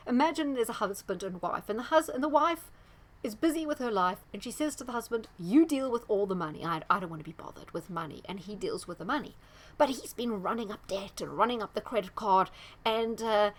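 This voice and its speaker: A woman's voice: on the high side, a bit bright. A woman giving an emphatic solo commentary, full of asides and quoted voices. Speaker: astrologer presenting commentary. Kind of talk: casual monologue commentary.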